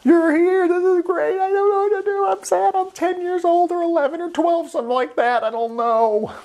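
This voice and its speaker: Bonnie, a man doing a shrill panicky little girl. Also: normal speed, darkish tone. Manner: frantic, squealing. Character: panicky shrieking young girl, a child.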